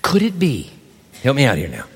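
A man's voice: medium pitch, brisk, slight background noise. A man preaching a sermon from the pulpit, acting out biblical dialogue in different voices. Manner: animated, acts out biblical dialogue. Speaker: pastor. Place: large church hall. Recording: reverberant church hall.

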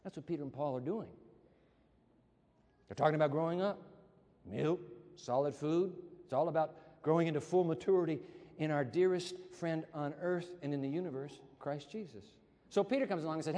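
A high-voiced male pastor preaches with lively, swooping inflection, acting out quotes as he goes. His voice rings through a church sanctuary with a long reverb tail. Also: normal speed. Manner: animated, acts out voices and quotes with big pitch jumps. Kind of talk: sermon.

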